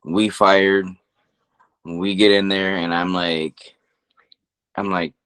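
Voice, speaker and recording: Guy on a podcast, real low voice, rambles and swears a lot telling stories. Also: level tone, slow, fairly bright tone, smooth. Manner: profane, rambling storytelling. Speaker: podcast co-host. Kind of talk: casual chat.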